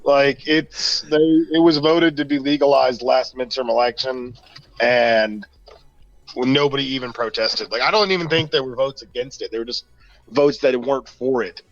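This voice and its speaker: Halting man on muffled call audio. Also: mid-range voice. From Missouri, USA. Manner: rambling, halting with fillers. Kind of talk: casual chat.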